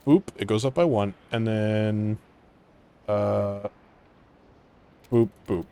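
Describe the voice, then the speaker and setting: A man with a low voice talks through a strategy game in a relaxed, casual way. He often mutters half to himself, trailing off into quiet asides as he clicks through his choices. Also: slow, gravelly. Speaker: gaming channel host.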